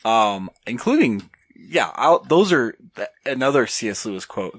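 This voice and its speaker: A young man telling a story as a podcast guest, with lots of ums and pauses. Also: mid-range voice, very animated, slightly rough, no room sound. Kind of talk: casual podcast chat.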